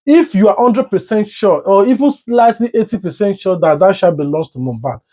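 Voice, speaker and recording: Nigerian male host, high pitch, animated opinion piece, plays out both sides. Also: normal speed, rough recording. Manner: animated, acts out arguments with rising voice. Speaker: commentary show host. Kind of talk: opinionated commentary.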